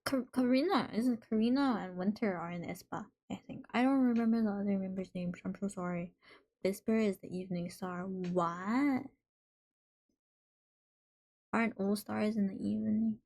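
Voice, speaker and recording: A woman's voice: mid-range voice, moderate pace, mellow. Chatty woman streamer reacting to chat. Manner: reads chat messages aloud and reacts, playful and chatty. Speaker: livestream host. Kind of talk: casual live-stream chat.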